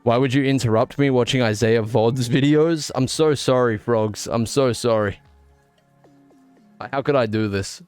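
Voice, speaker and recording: Smooth-voiced excitable male streamer. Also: medium pitch, unhurried, dry recording, faint music behind. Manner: excitable, laughs at his own jokes. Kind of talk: casual live-stream chat.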